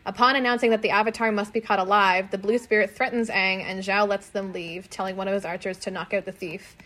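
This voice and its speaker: A woman co-hosting a casual podcast, talking through episodes in an easy, animated way. She slips into quick put-on voices for the characters and swears offhandedly. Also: medium pitch. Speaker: podcast co-host. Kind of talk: casual recap chat.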